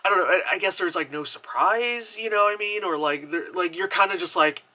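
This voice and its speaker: A man's voice: high voice, fairly quick, pushed and bright, rough recording. A man giving a casual spoken movie review at home, rambling with lots of fillers and the odd casual swear. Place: at home, indoors.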